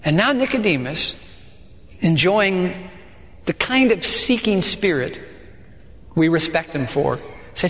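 A man preaches with a bright, high voice that swings widely in pitch, asking the crowd questions and acting out voices from scripture. The sound carries the long reverb of a hall. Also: very animated, takes it slowly, pauses often. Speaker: pastor. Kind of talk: sermon.

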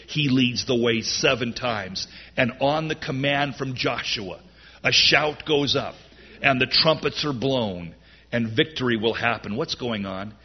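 A man preaching a sermon in an animated way, his voice rising loud on key lines. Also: mid-range voice, breathy edge, lo-fi sound. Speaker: pastor.

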